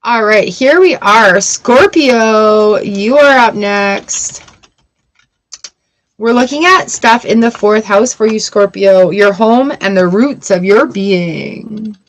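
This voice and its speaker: A woman's voice: mid-range voice, takes it slowly, poor audio. A woman reading tarot cards for a live audience, chatty and upbeat, greeting viewers by name between cards. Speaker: tarot reader.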